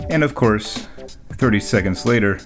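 A man's voice: on the low side, moderate pace, faint music behind. A man telling a rambling, jokey story in a casual monologue, often laughing as he talks.

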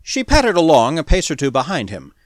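Expressive male audiobook narrator. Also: a little high, a little fast, no echo, clean studio sound.

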